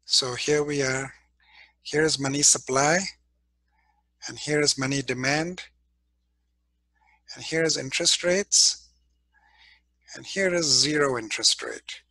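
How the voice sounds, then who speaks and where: Animated lecturing man, husky voice. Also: on the high side, dry recording, rough recording. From India. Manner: animated, emphatic, acts out quoted people. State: clearing his throat from allergies. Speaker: business school professor. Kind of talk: classroom lecture.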